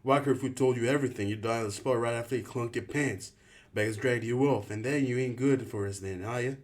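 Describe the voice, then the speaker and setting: A man reading an audiobook, voicing a rough, bossy teenage boy who leads a group and talks in gruff slang. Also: lowish voice, normal speed, close to an everyday voice. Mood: shouting. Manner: gruff slangy talk, snaps and shouts.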